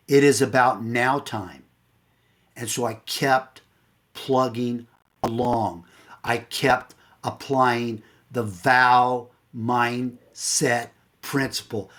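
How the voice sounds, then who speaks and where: A man coach giving a motivational talk through a personal story, earnest and at times dropping low and soft to tell the hard moments.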